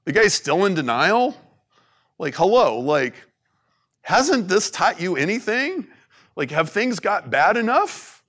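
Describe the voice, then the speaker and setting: A man giving an informal faith talk to an audience, animated and conversational, with plenty of "like"s. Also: high voice, slow. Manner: animated, conversational preaching with many "like"s.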